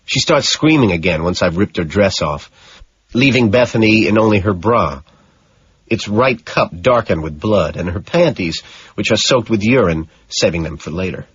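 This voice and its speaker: A man reading an audiobook in scripted narration, slow and matter-of-fact. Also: lowish voice, expressive, slightly rough, no room sound, muffled recording.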